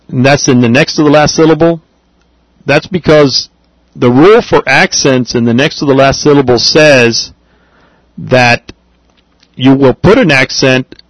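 A man teaching a Spanish grammar lesson, patient and deliberate, spelling out words and saying them again. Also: medium pitch, no echo, low-quality recording.

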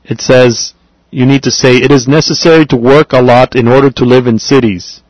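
A man teaching a language class, patiently explaining and repeating phrases slowly for his students. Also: medium pitch, fairly even intonation, dry recording, rough recording. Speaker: Spanish teacher.

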